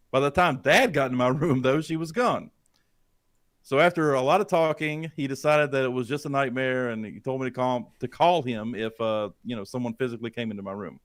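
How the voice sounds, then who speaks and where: A podcast co-host with a medium-pitched male voice speaks briskly, recorded cleanly on a studio dynamic mic with no room sound. He tells a creepy first-person story full of swearing, building suspense by throwing questions at the listeners.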